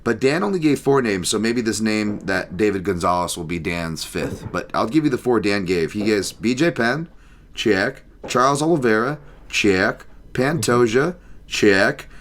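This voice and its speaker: A man hosting a podcast, chatting casually about martial arts and reading listener picks, animated and quick to laugh. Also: lowish voice, a little hiss or hum. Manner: animated, laughs often, joking. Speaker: podcast host.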